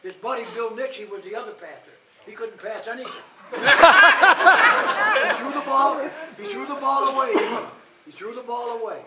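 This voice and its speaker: A man's voice: extremely high pitch, fast talker, a crowd in the background. An older man, a retiring school coach, telling blunt, chuckling stories at a gathering. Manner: blunt, chuckling, rambling anecdotes. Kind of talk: casual storytelling at a gathering. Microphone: far from the mic. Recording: echoey, distant, noisy hall.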